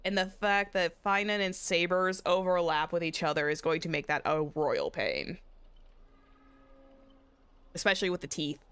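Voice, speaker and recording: A woman's voice: fairly low pitch, moderate pace, long pauses, fairly bright tone, clean tone, dry recording. A young woman streaming a game, chatting playfully and giggling while she reads the story text aloud. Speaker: VTuber streamer. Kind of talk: casual game-stream chat, reading dialogue aloud.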